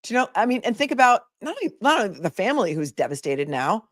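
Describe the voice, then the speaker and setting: A woman attorney and commentator hosts a casual livestream, chatting with viewers, reading their messages aloud and thinking out loud with many asides. Her medium-pitched voice is fast and sing-song, recorded in studio quality with no echo.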